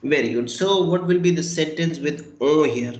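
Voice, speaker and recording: A man teaching a French class over a video call, slow and patient, praising and prompting his students. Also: fairly high pitch, a little mellow. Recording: echoey room.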